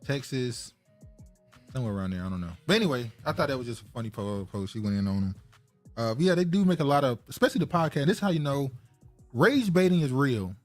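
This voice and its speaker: A man's voice: mid-range voice, very animated, fast, soft background music. Laid-back man co-hosting a podcast. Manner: laid-back, talkative, laughs easily. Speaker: podcast co-host. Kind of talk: casual podcast chat.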